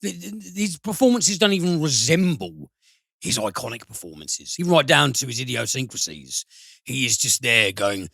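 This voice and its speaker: A man's voice: mid-range voice, sing-song, normal speed, creaky, sharp tone, dry recording. A man co-hosting a film podcast, blunt and sweary as he rants about actors. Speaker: podcast co-host. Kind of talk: casual film podcast chat.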